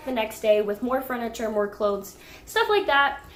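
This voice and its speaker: A young woman telling a pet rescue story to camera in a casual, animated way, breaking into indignant outbursts. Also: a little high, moderate pace. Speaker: pet vlogger. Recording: echoey room with faint music.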